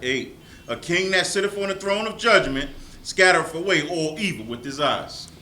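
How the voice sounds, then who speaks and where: Man reading bible verses, bright sharp voice, echoey room. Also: fairly high pitch, lively intonation, normal speed, slight background noise. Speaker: scripture reader.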